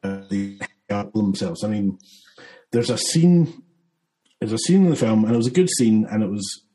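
Man, filmmaker guest, low warm voice, loose rambling delivery. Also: lively intonation, normal speed, soft background music, rough recording. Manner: rambling, many fillers and restarts, laughs often. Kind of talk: casual interview chat.

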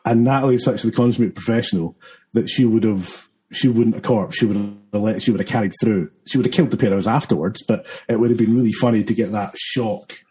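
A man, a filmmaker talking through his film in a relaxed interview, rambling with many fillers and restarts. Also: on the low side, fast talker, poor audio. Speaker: filmmaker guest. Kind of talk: casual interview chat.

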